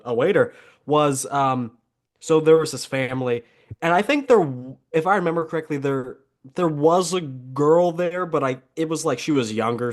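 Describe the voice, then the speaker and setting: A young man on a casual podcast, calmly telling a personal anecdote with some fillers. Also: mid-range voice.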